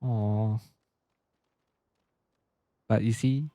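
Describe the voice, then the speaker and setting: A man's voice: fairly low pitch, slow pace, gravelly, long pauses, mellow, no echo. Cheeky man commenting on a game. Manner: chatty, reactive, cheeky with swearing. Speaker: streamer.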